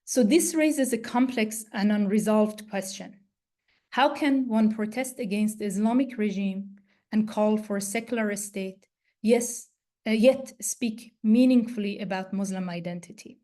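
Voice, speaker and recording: A woman professor reading an academic lecture in a measured way, her voice going hoarse and her throat often cleared. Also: medium pitch, mellow. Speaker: plenary speaker, law professor.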